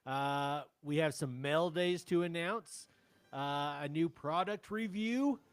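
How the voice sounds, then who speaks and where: A man's voice: on the high side, takes it slowly, smooth, dry recording. A man hosting a podcast in casual chat, hesitant with lots of fillers. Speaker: podcast host.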